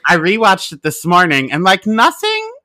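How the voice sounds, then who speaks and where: Dramatic chatty guest, bright voice, bouncy pitch, dry sound. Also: moderate pace, no room sound. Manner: animated, theatrical, laughs a lot. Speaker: podcast guest. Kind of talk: casual chat.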